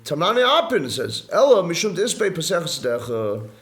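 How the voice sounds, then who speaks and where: Giving a religious study lecture to a live class, a male rabbi speaks earnestly and with emphasis, repeating key phrases. His fairly high, fairly bright voice is very animated at a moderate pace, and the indoor room echoes.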